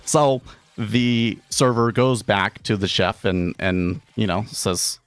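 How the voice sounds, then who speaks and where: A man's voice: lowish voice, fairly even intonation, takes it slowly, no echo, soft background music. A man who runs a day trading stream, chatting casually and rambling through an anecdote, raising his voice to act out the people in it. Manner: rambling storyteller, acts out quoted characters with a raised voice. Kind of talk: casual live-stream chat.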